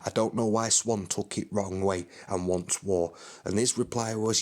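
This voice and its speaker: A man's voice: low-pitched, fairly even intonation, normal speed, hardly any pauses, a little mellow. A young man ranting in a fight promo vlog, swearing hard and trash-talking his opponent. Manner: swearing, aggressive trash talk.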